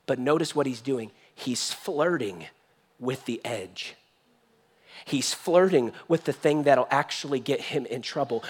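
A man preaching a sermon as pastor, telling a story in an animated, joking way. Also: a little high, husky. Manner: animated, jokey storytelling with acted voices. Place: church.

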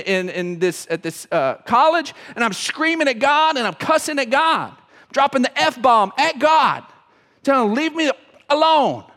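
A man preaching a sermon as pastor, emotional, swinging from loud to hushed. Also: extremely high pitch. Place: church sanctuary. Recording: long reverb of a church hall.

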